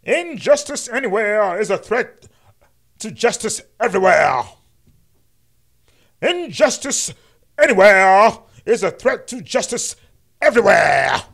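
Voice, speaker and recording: A man doing an impression of a grand, rousing preacher-orator, speaking in a swelling sermon cadence with drawn-out words. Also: high-pitched, very animated, creaky, a bit bright, voice pushed up, exaggerated voice. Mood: orating.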